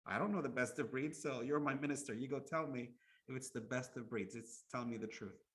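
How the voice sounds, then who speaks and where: A man voicing a grateful but demanding adult male king in a told story, exclaiming and rising in pitch. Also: brisk, lightly acted. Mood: questioning.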